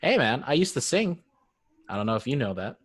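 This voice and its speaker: A man's voice: medium pitch, sing-song, fairly quick, slightly rough. A man hosting a casual podcast as dungeon master, joking and self-deprecating.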